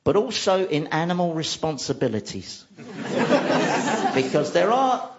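A man's voice: a little high, big pitch swings, measured pace, muffled recording, very noisy. A man giving a dry, self-mocking comic monologue. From central London. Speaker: comedian.

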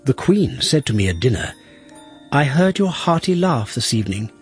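A man's voice: mid-range voice, very animated, normal speed, soft background music, close to an everyday voice. A man reading aloud as a formal, genial Victorian royal secretary writing a letter. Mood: measured. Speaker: reader of a historical letter.

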